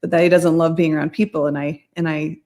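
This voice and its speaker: A woman's voice: sits low, little pitch movement, fast, dark tone. A middle-aged woman telling a personal story in a casual talk. She rambles and corrects herself as she goes, and laughs now and then. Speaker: mindset coach.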